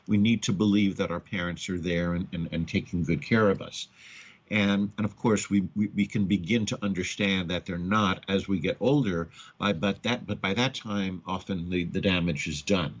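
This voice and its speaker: A man hosting a counseling radio talk, speaking haltingly with many repeated words and acting out quoted parents. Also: low voice. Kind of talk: radio talk on addiction and trauma. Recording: dull lo-fi radio audio.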